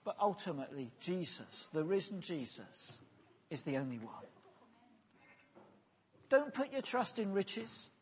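A man preaching an earnest, pastoral sermon, often letting his phrases fall soft and low at the end. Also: big pitch swings, measured pace, long pauses, slight background noise. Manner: earnest, pastoral, drops softly at phrase ends.

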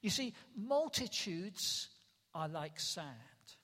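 A man's voice: high voice, sing-song, very slow, bright, forceful tone. A male preacher giving a dramatic sermon that rises to emphatic calls, recorded in a church hall. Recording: long reverb in a large hall.

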